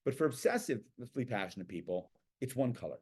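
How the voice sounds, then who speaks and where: Animated man telling stories. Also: mid-range voice, fairly quick, slightly rough. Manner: animated storyteller acting out quoted people. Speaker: guest speaker on passion. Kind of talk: casual talk.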